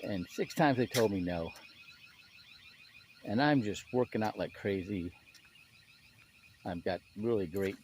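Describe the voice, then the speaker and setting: Man, slightly low voice, animated personal storytelling with restarts. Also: slight background noise. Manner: animated, acts out quoted people in a raised voice; halting restarts and repeated words. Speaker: speaker sharing his testimony.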